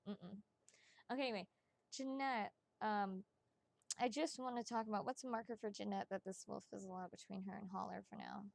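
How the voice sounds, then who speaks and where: A woman giving psychic readings on a casual live stream, chatty and excitable, swearing freely and talking straight to her viewers. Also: medium pitch, brisk, gravelly.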